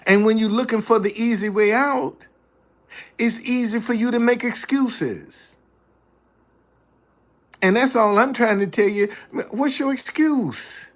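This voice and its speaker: A man's voice: sits high, unhurried, long pauses. A man giving a motivational talk indoors in a preachy way, repeating his key lines for emphasis. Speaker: motivational speaker. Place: indoors, a hot room.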